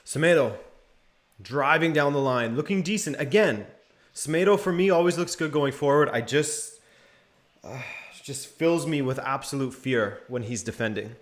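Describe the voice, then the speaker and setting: A man's voice: medium pitch, moderate pace. Casual man doing live match commentary. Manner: relaxed play-by-play mixed with chat replies.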